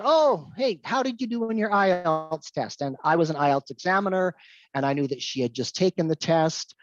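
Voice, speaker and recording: A woman giving an English-teaching talk, telling a story with animated delivery and repeating her key points. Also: low-pitched, dry recording, dull audio. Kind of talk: lecture with anecdote.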